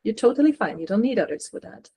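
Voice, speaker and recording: A woman channeler giving a reading, gently relaying messages with reassuring, filler-filled speech. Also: medium pitch, sing-song, fast, creaky, breathy edge. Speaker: spiritual channeler and regression therapist.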